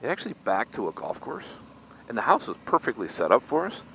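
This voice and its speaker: A man's voice: mid-range voice, wildly swooping pitch, a little fast, gravelly, a bit bright, poor audio. A middle-aged man, chatting in a rambling, self-mocking way while riding a motorcycle through traffic. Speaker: motorcycle vlogger. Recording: faint road and traffic noise.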